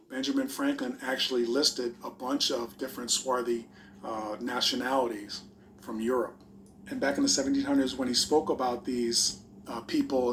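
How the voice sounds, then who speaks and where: Guy talking through old newspaper clippings, pretty flat voice, bit of hiss behind. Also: medium pitch. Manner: plain explanatory delivery with fillers. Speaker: video host. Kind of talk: narrated history video reading old newspapers.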